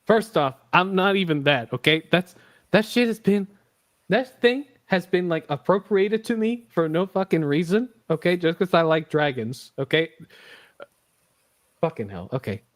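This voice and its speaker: A man's voice: sits high, expressive, a little slow. A man hosting a casual podcast, rambling and joking with lots of swearing. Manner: rambling, profane and jokey. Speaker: podcast host.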